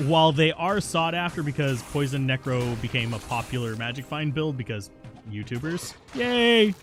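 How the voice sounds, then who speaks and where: A man narrates his own live game stream in a loose, conversational way, answering viewers' questions as he plays. He jokes about his own stubbornness, and his voice sits in an ordinary middle pitch. Quiet music plays faintly in the background. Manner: chatty, stubborn and self-mocking, answering chat between plays. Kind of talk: casual live gameplay commentary.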